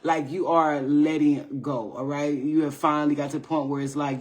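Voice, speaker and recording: This American woman reads tarot live for her audience in a low-pitched voice at normal speed. Her manner is animated and playful, with free swearing and frequent "all right?" check-ins after each point.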